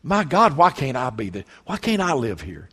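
A man preaching a sermon as pastor, reading scripture aloud with fervent emphasis that swells to near-shouting. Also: medium pitch, wildly swooping pitch, moderate pace, husky. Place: church sanctuary. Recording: long hall reverb.

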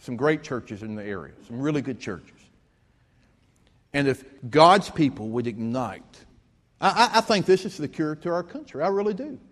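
Man, preaching, fairly high voice, long church reverb. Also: animated, normal speed. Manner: preaching with rising emphasis and storytelling. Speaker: pastor. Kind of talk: sermon. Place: church sanctuary.

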